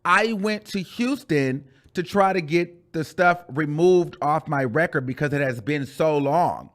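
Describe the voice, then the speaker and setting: A man telling a storytime rant on his channel in a chatty, animated way, calling the listener "girl" and repeating phrases for emphasis. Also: on the high side, measured pace. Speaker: YouTuber.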